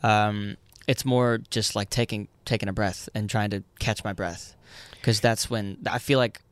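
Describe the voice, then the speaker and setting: A man's voice: fairly low pitch, fairly even intonation, measured pace, smooth, no echo. A man in his thirties, a musician guest in a casual interview, talking earnestly with many restarts and easy laughs.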